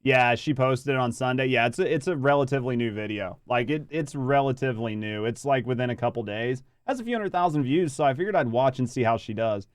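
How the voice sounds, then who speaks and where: A man's voice: medium pitch, fast, hardly any pauses, dry recording, studio quality. A man doing rambling, casual reaction commentary, swearing freely and chatting with his viewers. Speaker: reaction streamer.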